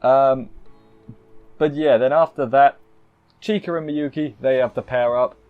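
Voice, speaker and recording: A man's voice: medium pitch, fairly even intonation, measured pace, clean tone, narrow, tinny audio, soft background music. A man casually recapping an anime episode, rambling and cutting himself off with playful asides. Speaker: anime reviewer.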